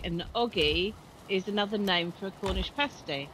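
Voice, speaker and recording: A woman's voice: medium pitch, animated, moderate pace. A woman from Britain chatting easily with friends during a multiplayer game. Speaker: gamer on a multiplayer stream. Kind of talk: casual gaming chat. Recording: noisy voice chat.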